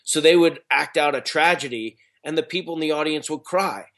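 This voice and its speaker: A middle-aged actor and speaker, his voice a little high, brisk and a bit bright, tells stories in a casual interview. He rambles, restarting often and filling gaps with fillers.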